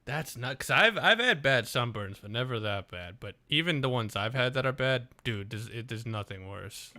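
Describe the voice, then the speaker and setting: A man's voice: mid-range voice, lively intonation, normal speed, bright, forceful tone, no echo. A young man co-hosting a podcast in casual chat, reacting to a story with laughs and swearing exclamations. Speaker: podcast co-host.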